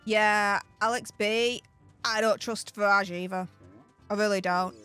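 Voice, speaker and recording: A chatty, excitable woman with a Yorkshire accent hosts a casual gaming commentary and drifts into politics. Her voice sits mid-range for a woman, and she laughs easily. Faint background music plays under her talk. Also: mid-range voice, a little slow, clean tone. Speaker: channel host.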